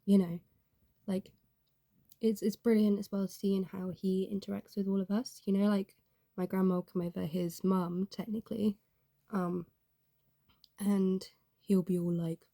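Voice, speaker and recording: Gravelly young woman vlogging. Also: mid-range voice, level tone, a little slow, long pauses, warm tone, no echo, clean studio sound. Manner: rambling and candid, heavy fillers. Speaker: YouTuber. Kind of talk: casual confessional vlog.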